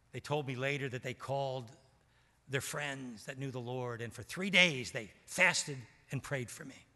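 A man's voice: mid-range voice, fairly bright tone. A man in his seventies, a pastor from Maryland, preaching a sermon and telling stories that act out the dialogue. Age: 70s. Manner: storytelling, acts out quoted dialogue. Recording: long church hall reverb.

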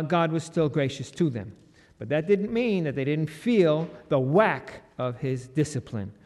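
A man giving a classroom Bible lecture, explaining and then rising to lively emphasis. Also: a little high. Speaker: Bible teacher. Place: hall with a projection screen. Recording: long reverb of a large hall.

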